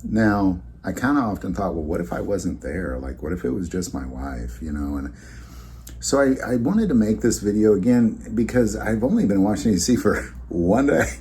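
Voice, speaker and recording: A man's voice: fairly low pitch, lively intonation, normal speed, dark tone, a little hiss or hum. A man hosting his own vlog, telling a story in a rambling, conversational way with many fillers and restarts. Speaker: channel host.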